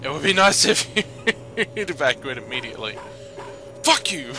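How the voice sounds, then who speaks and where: A young man commenting on a video game as a let's play host, with loud outbursts, laughter and plenty of swearing. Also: medium pitch, big pitch swings, moderate pace, faint music behind. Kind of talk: gaming commentary.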